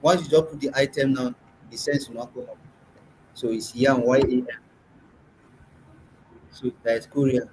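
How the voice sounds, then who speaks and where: A man with a Nigerian accent leads a classroom lesson at a middle pitch. He patiently quizzes his students and sounds words out for them, while a faint room hum sits behind him. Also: steady tone, normal speed, long pauses, a little mellow, low-quality recording. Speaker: language workshop teacher.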